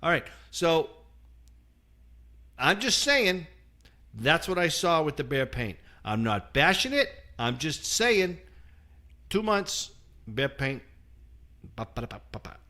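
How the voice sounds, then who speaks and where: A man who works as a contractor, co-hosting a podcast and telling an animated job-site story, acting out what people said. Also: a little high, takes it slowly, long pauses. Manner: animated, acts out quotes with laughs. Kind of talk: casual storytelling chat.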